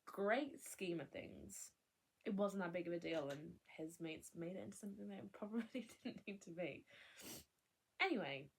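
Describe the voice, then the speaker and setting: A woman's voice: medium pitch, breathy edge. Candid rambling young woman vlogger. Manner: candid, rambling, self-interrupting with laughs. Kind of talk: casual chat.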